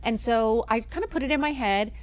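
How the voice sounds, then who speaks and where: A woman's voice: fairly high pitch, fairly quick, no room sound. A woman who is a podcast guest, telling a story in casual chat, acting out quoted dialogue and swearing freely.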